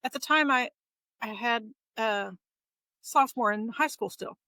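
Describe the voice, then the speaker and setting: A middle-aged woman, a guest in an interview, telling her own story in a casual, lively way and acting out the voices of the people in it. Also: a little high, a little slow, no room sound, poor audio. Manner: lively retelling that acts out quoted dialogue.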